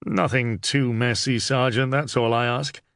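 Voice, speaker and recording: A man voicing a serious, upright young under-sheriff who speaks in a measured, stern way in an audiobook. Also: mid-range voice, steady tone, a bit bright, no echo, studio quality.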